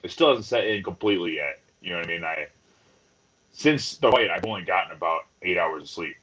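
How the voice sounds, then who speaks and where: A man's voice: deep voice, expressive, brisk, a bit bright, poor audio. A young man, a fighter guest, chatting easily and laughing in a casual interview over a video call.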